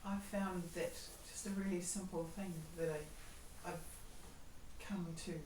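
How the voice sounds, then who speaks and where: A woman in a group discussion sharing her practice in a reflective, gentle way. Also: on the low side, steady tone, slow pace, a little hiss or hum. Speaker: retreat participant. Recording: echoey room, speaker far from mic.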